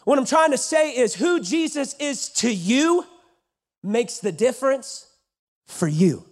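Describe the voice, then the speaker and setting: A man preaching a sermon from West Texas, swinging from loud lines to hushed ones. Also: very high-pitched, expressive, takes it slowly. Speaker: pastor. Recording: church.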